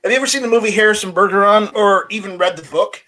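A man's voice: high voice, quick pace, sharp tone, low-quality recording. A man in a casual talk, earnestly explaining at length. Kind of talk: casual chat.

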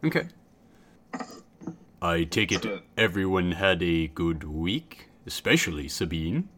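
A man narrating as game master of a tabletop role-playing game, in a relaxed, measured way. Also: low-pitched.

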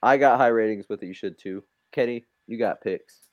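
A man's voice: lowish voice, fairly quick, dull audio. A man running a casual draft with friends over a voice call, blunt and trash-talking. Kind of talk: casual group chat.

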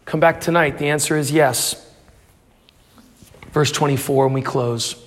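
A pastor preaching an earnest sermon, swinging from loud pleas to hushed prayer. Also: male voice, a little high, fairly even intonation, measured pace, big-room sound.

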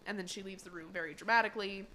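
A woman's voice: medium pitch, steady tone, racing, sharp tone, a little hiss or hum. A woman co-hosting a podcast, recapping an episode in a chatty, giggly way with lots of fillers. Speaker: podcast co-host.

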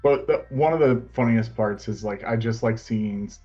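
A man's voice: lowish voice, normal speed, warm tone, muffled recording, soft background music. A man casually chatting about a favorite TV show, rambling and laughing often as he retells scenes. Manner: rambling, laughs often, breaks into quoted voices.

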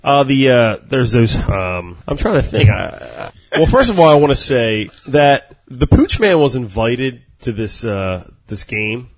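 Casting: mid-pitched man, casual and teasing, lively rambling delivery. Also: unhurried, few pauses, slightly rough. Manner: rambling, teasing, restarts his sentences. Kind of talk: casual banter, storytelling.

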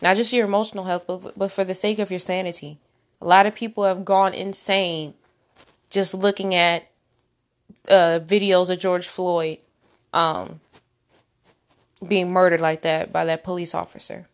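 A woman's voice: fairly low pitch, flat delivery, a little slow, long pauses. A woman hosting a faith-based podcast, talking earnestly in a preachy, rambling way with many restarts. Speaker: podcast host.

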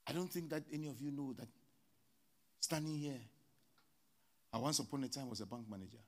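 A man preaching a sermon as pastor, with sudden loud rises and soft drops. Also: medium pitch, fairly quick.

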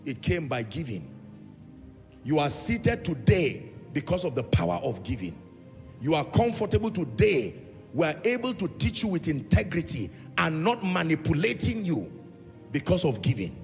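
A man preaches with a high, lively, gravelly voice that swoops up and down. He hammers home his points with repetition and drifts into sung phrases. The sound rings in a large hall with faint music behind. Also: moderate pace. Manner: emphatic preaching with repeated phrases and sung lines. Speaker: pastor. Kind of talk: sermon.

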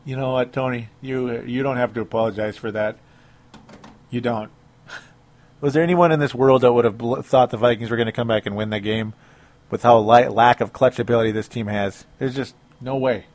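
Chatty sports talk host. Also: male voice, medium pitch, fairly even intonation, moderate pace, a little mellow. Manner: chatty, chuckling, reads listener comments aloud. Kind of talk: casual sports radio talk.

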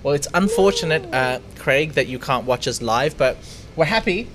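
A man's voice: fairly high pitch, animated, moderate pace, background noise. A man co-hosting a live stream in a casual, joking way, reading out comments and thanking viewers. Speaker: livestream co-host.

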